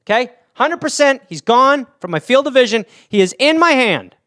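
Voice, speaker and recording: A man's voice: very high voice, animated, moderate pace, sharp tone, no echo, studio quality. A man hosting a casual solo podcast, rambling through anecdotes with plenty of swearing. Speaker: podcast host.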